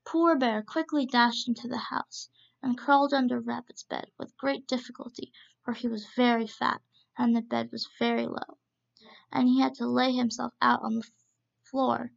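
A woman narrates a children's story in a steady, measured way. Her voice sits fairly high but carries a heavy gravelly crackle. The recording sounds muffled and lo-fi. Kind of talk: reading a children's story aloud.

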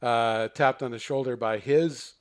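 A man speaking at an ordinary middle pitch tells a long personal story as an interview guest. He rambles and restarts his sentences, acting out the voices of people in the story. His tone stays casual and conversational. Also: fairly even intonation, a little slow, clean tone. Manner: rambling, self-correcting, acts out quoted dialogue. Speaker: guest, therapist.

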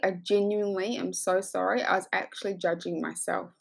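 A woman coach telling a personal story in an effusive, animated way, acting out the dialogue as she goes. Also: medium pitch, brisk, gravelly, few pauses. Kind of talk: motivational storytelling monologue.

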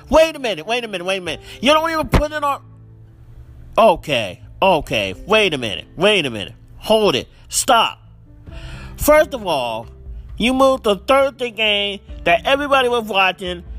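Exasperated podcast host, high and animated voice, ranting and repeating himself. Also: male voice, moderate pace, soft background music. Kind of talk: solo football picks rant.

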